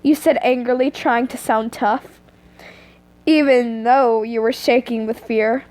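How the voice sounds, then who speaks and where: Teen girl, high voice, reads fanfic aloud, giggly, chatty asides, earphone mic at home. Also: takes it slowly, long pauses, a little mellow. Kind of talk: reading fanfiction aloud with commentary.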